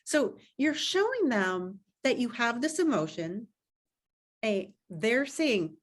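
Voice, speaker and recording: A middle-aged woman speaks on a video call with a fairly high voice, offering parenting advice in an earnest, conversational way. Now and then she slips into acting out the words a parent might say to a child. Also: very animated, takes it slowly. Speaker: parenting author and coach.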